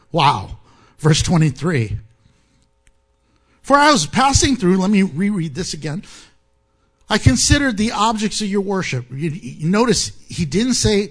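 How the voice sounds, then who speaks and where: A man preaching a sermon, animated and joking, often laughing at his own asides. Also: high voice, a little slow, pauses often. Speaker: pastor.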